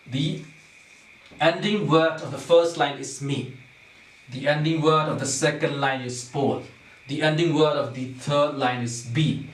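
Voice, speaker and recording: A male teacher giving a lesson, who asks the class questions, answers them himself and keeps adding "right?" and "okay?". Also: a little high. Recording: echoey room, far from the mic.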